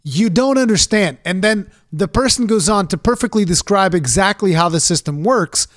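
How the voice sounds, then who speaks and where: A man's voice: sits high, moderate pace, fairly bright tone. A man giving a ranting reaction commentary, sarcastic, exasperated and full of profanity. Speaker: reaction streamer.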